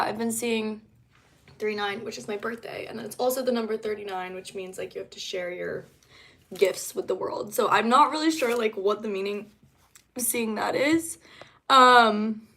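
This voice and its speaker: A woman's voice: on the high side, a bit bright. Chatty young woman streaming live. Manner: chatty, rambling, many fillers. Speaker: singer-songwriter. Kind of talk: casual livestream chat.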